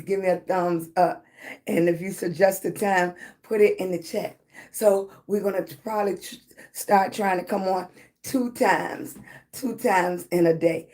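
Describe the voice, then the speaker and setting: Hoarse woman hosting a slow live chat. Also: mid-range voice, dark tone. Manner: affectionate, greets viewers by name, encouraging. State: hoarse, voice not fully back. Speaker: livestream host. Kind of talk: casual livestream chat greeting viewers.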